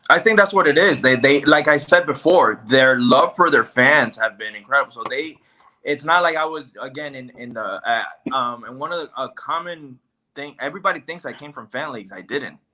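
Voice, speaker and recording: A man of medium pitch talks fairly quickly as a podcast guest in relaxed conversation. Telling a story, he acts out lots of the quoted lines with animated flair.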